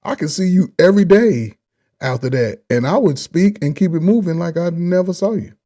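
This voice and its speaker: A man giving blunt, animated reaction commentary on a dating show clip, talking in casual slang. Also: sits high, normal speed.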